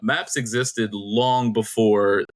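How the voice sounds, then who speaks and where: Male trivia host, middle-aged, low-set voice, chatty and rambling, reads clues deliberately. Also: steady tone. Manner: rambling, laughs often, reads clues slowly. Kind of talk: casual podcast quiz hosting.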